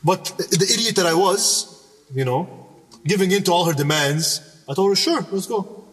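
A man's voice: sits high, normal speed. A man telling a personal story in conversation, emphatic and repeating himself as he goes. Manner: animated, emphatic, repeats words and restarts. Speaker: podcast guest. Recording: reverberant room, mic at a distance.

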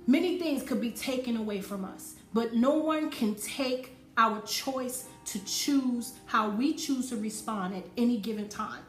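A woman's voice: fairly high pitch, unhurried. A woman preaching a sermon, driving points home by repeating phrases with rising force. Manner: emphatic, repeating phrases for effect. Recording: roomy echo with faint music.

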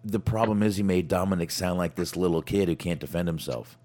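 A man hosting a casual chat, talking in a halting way with frequent restarts and fillers. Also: low voice, darkish tone. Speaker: podcast host.

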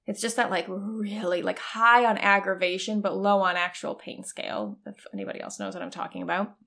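A woman's voice: medium pitch, animated, a little fast, creaky, pushed and bright. A woman in her thirties telling a personal story in a casual, candid way, full of "like" fillers and the odd swear word. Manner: chatty, frequent "like" fillers, candid with swearing and laughs.

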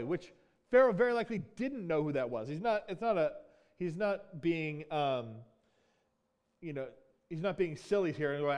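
A man's voice: on the high side, animated, normal speed, darkish tone. A man preaching a sermon as pastor, teaching in a conversational way, often asking "right?" and acting out quoted lines.

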